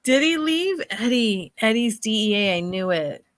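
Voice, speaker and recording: A woman's voice: fairly high pitch, big pitch swings, unhurried, dry recording. A woman co-hosting a live stream in casual chat, teasing and laughing often.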